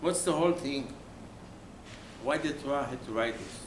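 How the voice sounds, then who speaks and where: A man teaching a Torah lesson as a rabbi, retelling the text in a theatrical, animated way. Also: mid-range voice, moderate pace, noisy background. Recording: echoey room with faint ambience.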